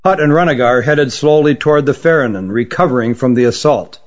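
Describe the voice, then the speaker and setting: A man reading a fantasy story aloud as narrator in a measured, even way. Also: medium pitch. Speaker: audiobook narrator. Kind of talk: scripted narration. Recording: dull lo-fi audiobook recording.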